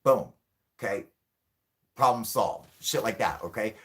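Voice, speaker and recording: A man's voice: lowish voice, animated, unhurried. Angry, profane man ranting. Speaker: channel host. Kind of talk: livestream rant with chat.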